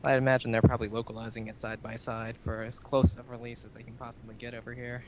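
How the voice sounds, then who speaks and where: A man's voice: medium pitch, flat delivery, quick pace, low-quality recording. A man co-hosting a casual gaming podcast, talking in a chatty, jokey way and laughing often. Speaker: podcast co-host. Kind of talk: casual chat. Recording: clear background noise.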